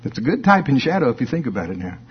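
A man's voice: medium pitch, very fast, breathy edge, dull audio. A middle-aged male preacher preaching a sermon, telling stories playfully and acting out voices. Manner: animated storytelling, playful, acts out voices.

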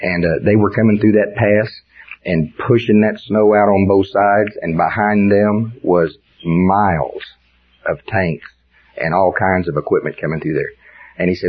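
An older man delivers a folksy, fervent sermon in a lowish, husky voice. The recording sounds dull and lo-fi. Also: steady tone, unhurried. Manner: folksy storytelling, rises to fervent preaching. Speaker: preacher.

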